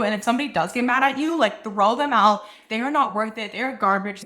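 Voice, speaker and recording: A young adult woman hosting a podcast, giving frank, slangy advice and telling animated stories in a casual monologue. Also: medium pitch. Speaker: podcast host.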